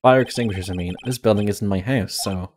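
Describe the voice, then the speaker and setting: Man voicing a chill celebrity dude, self-absorbed, casual, low voice. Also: fairly quick, a little hiss or hum, close to an everyday voice. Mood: laid-back. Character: laid-back young male celebrity, says dude.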